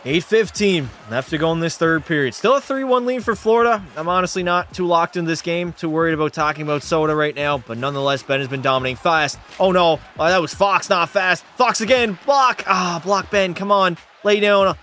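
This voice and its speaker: A young gaming streamer, a little tipsy from a few drinks, commentates his own hockey video game live in a fairly quick, somewhat high, slightly bright voice with hardly any pauses and a faint hiss or hum. Rowdy and profane, he reads chat aloud, answers it, and calls plays in mock sportscaster style.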